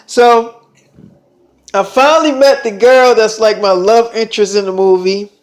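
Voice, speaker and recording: High-voiced young man telling a story. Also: fairly even intonation, unhurried. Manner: rambling, loose retelling full of "I'm like" and "she like". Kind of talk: casual storytime monologue.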